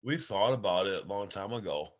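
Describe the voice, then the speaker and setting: A man from Michigan, a client at a reading, giving short, quiet answers. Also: fairly low pitch, lively intonation, fairly quick. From Michigan, USA.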